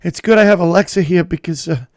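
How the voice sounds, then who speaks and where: Man doing a lonely older mom who guilt-trips in a high, gravelly voice; dry, close sound, just a plain quote in a comic story. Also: fast talker, a little mellow, no room sound. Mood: guilt-tripping. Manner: guilt-tripping. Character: older mother, passive-aggressive and lonely.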